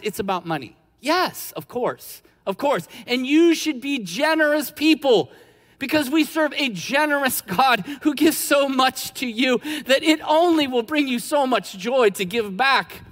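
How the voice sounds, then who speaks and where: A man's voice: very high voice, fairly bright tone. A man preaching a sermon as a pastor, telling a story in a conversational way and then building to emphatic points. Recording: long hall reverb.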